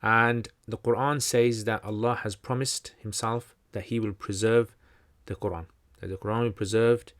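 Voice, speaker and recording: A man with a fairly low voice hosts a livestream question-and-answer session. He explains at length in a loose, chatty teaching manner. He often circles back and restarts his sentences, with plenty of fillers along the way. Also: fairly even intonation, normal speed, hardly any pauses, a bit bright. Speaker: channel host answering questions.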